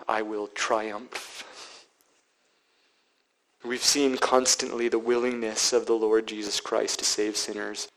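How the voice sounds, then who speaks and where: A male pastor preaching a sermon, dropping to hushed whispers and then building to loud, emphatic passages. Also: fairly low pitch, vocal fry, poor audio.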